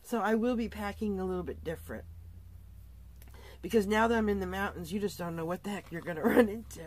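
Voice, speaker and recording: A woman's voice: medium pitch, fast. Middle-aged lady vlogging from her rv, tired, giggly, tells it like a story and does the voices of people she talked to. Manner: animated, laughing often, acting out quoted voices. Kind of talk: casual storytelling vlog. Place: inside her RV.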